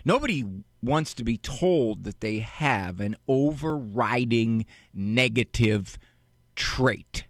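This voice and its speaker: A man hosting a call-in advice radio show, teaching in a deliberate way and firing off rhetorical questions. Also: mid-range voice, expressive, no room sound, clean studio sound.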